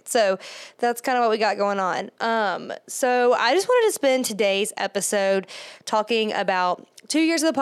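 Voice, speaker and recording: A woman's voice: on the high side, smooth. Chatty, breathless woman podcast host. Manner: chatty, many fillers and restarts. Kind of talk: casual solo podcast monologue.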